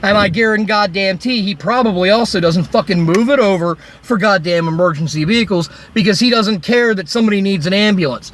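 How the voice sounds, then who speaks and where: Pitched high and a bit bright, the man's voice moves a little fast with few pauses. He's a vlogger delivering a furious roadside rant into his phone, cursing heavily and sounding sarcastic throughout.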